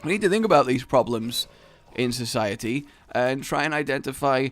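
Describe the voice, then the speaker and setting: A man's voice: medium pitch, normal speed, faint music behind. A man hosting a gaming channel, giving let's play commentary full of rambling, joking tangents, recorded at home.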